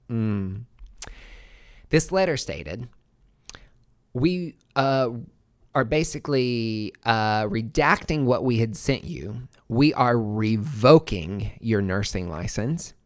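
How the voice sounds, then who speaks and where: Male podcast host, lower-pitched voice, casual storytelling monologue; candid and profane, lots of "like" and "uh". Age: adult, former nurse. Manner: candid, profane, animated storytelling with many fillers. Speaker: podcast host telling his own story.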